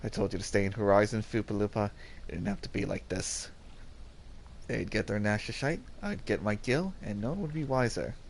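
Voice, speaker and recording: A man voicing a scornful, corrupt middle-aged guard captain with a low, blunt manner. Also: brisk, gravelly, a little hiss or hum. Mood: sneering.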